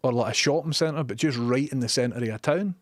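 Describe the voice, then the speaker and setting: A man's voice: mid-range voice, fairly quick, no echo, studio quality. A Glaswegian man chatting casually on a live stream, sweary and opinionated as he reads chat messages. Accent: Scottish, Glaswegian. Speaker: livestreamer.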